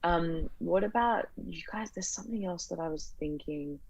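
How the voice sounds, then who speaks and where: Young Australian woman, low voice, casual chatty podcast guest, dry close mic. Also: moderate pace, a little mellow, no room sound, lo-fi sound. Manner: chatty, lots of fillers, acts out quoted exchanges. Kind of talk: casual chat.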